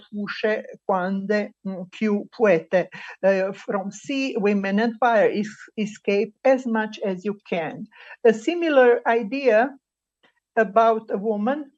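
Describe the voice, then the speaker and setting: A woman presenting a paper at an online colloquium, pausing often with fillers as she reads out quoted examples. The sound comes through a video call. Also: mid-range voice, darkish tone, muffled recording. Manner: halting, many filler pauses while reading quotes. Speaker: conference speaker. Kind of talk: academic presentation.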